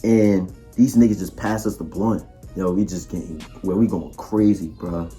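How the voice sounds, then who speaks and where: Low-voiced young man, fast slangy talk. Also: faint music behind. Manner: fast, animated slangy storytelling. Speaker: podcast co-host. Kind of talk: casual storytelling chat.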